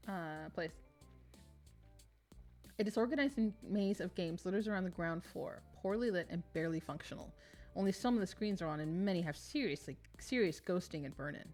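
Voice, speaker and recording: Excitable woman streaming a game. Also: medium pitch, fairly quick, faint music behind. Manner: excitable, laughs and gasps, reacts loudly. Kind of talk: live game playthrough with reading aloud.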